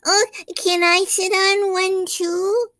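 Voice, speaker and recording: A tiny little duckling girl, as a woman reading aloud puts her on, pipes up in a squeaky voice pitched far above a grown woman's. She is eager and wide-eyed, speaking slowly. The sound is close and dry. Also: dry recording.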